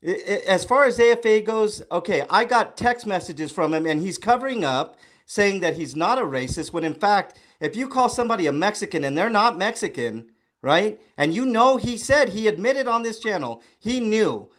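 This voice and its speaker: Exasperated high-voiced man, lively delivery. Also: normal speed. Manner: exasperated, blunt, cutting. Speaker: panelist in a call-in debate. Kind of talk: heated online panel debate.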